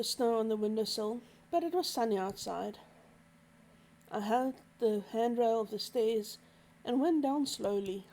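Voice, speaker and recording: High-voiced woman reading a visual novel. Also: mellow. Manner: easygoing, chatty asides. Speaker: streamer.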